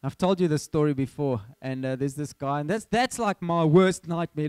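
A man preaching, his voice sitting a little high for a man. He tells his story in a lively way and acts out his own dialogue. The sound is dry and close, with no room echo. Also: normal speed, clean tone. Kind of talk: sermon.

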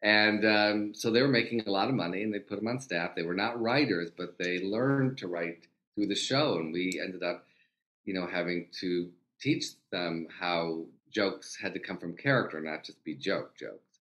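Older man, low voice, lively storytelling guest, acts out quotes, swears casually. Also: normal speed. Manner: animated anecdotes, acts out quoted dialogue, swears freely. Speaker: guest, TV comedy writer.

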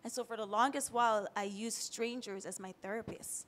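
Candid woman from Jamaica, high voice. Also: fairly even intonation, brisk. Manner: candid, emotional, close to tears at times. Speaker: panelist sharing personal story. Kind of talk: personal testimony on a panel.

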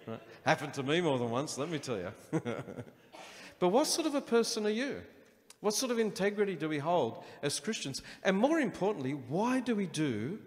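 A man preaching a sermon as pastor, animated and acting out the inner voices of his listeners. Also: sits high, moderate pace. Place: church hall. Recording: long hall reverb.

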